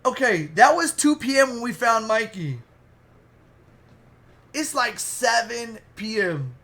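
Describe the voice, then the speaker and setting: Man, high voice, casual storytelling, animated, swears a lot. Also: slow pace. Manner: animated, profane, vivid. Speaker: storyteller, streamer.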